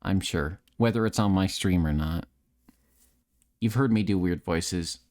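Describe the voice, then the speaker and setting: Sitting low, a little slow and darkish in tone, this tipsy man's voice is nasal with a slight lisp. A streamer and voice actor, he rambles self-deprecatingly in casual live-stream chat on a close desk mic.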